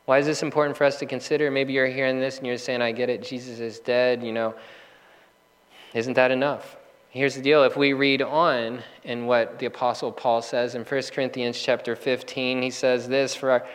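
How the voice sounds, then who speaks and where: A man preaching a sermon as pastor, earnest and measured, slowing down and pausing for emphasis. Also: mid-range voice, steady tone, long reverb tail, low-quality recording. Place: church.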